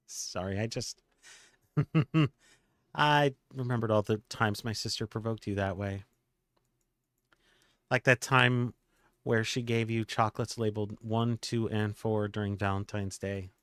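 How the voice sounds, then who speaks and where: A man's voice: on the low side, steady tone, measured pace, fairly bright tone, clean tone, no room sound, studio quality. A man reading a fond, teasing young woman friend. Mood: amused. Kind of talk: game dialogue read aloud by a streamer.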